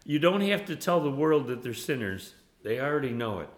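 A man preaching a sermon in an animated way, laughing often and at times rising to near-yelling. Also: mid-range voice, a little fast.

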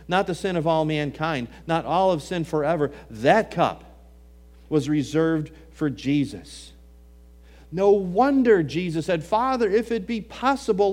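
Dramatic male preacher, slightly high voice. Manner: dramatic swings between hushed and raised delivery; quotes scripture in old-fashioned wording. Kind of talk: sermon.

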